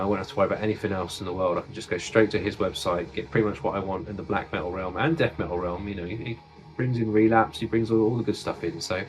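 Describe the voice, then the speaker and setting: A man from the United Kingdom casually showing off his record collection, enthusiastic and swearing freely. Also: on the low side. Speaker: music collector vlogger.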